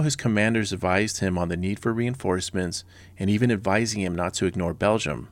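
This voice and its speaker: Brief: a low-voiced man in his forties, a history podcast host, blunt and sarcastic, in a dry, close recording. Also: fairly quick, dry recording. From Southern California. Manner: sarcastic and blunt, with casual personal asides.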